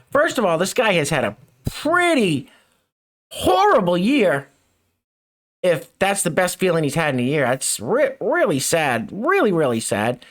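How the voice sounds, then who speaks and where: A man's voice: sits high, wildly swooping pitch, unhurried, a bit bright. A middle-aged man hosting a mocking news commentary show, with sarcastic, chuckling asides. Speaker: show host.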